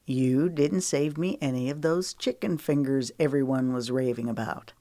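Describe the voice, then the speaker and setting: A woman narrator voicing an easygoing young man who teases with a relaxed drawl, recorded dry and close. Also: very deep voice, moderate pace, no echo. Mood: teasing.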